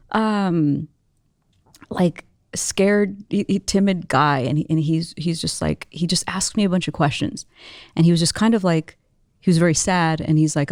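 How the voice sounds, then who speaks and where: A woman guest in an interview, telling a personal story in an animated, expressive way, full of casual "like"s. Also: deep voice, dry recording, clean studio sound. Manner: animated, expressive, many filler "like"s.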